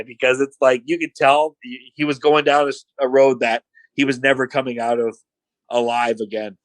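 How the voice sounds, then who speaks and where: A middle-aged man appears as a podcast guest, talking a bit quickly at medium pitch while he tells stories in a casual chat. He's an animated storyteller who imitates voices for quotes, constantly using "like" and "you know." The audio is echo-free yet low quality.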